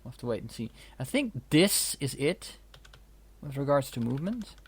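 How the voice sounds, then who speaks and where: A man's voice: mid-range voice, big pitch swings, normal speed, slightly rough. A man giving casual, wry commentary while playing a strategy game, swearing now and then. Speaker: let's play host. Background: keyboard and mouse clicks.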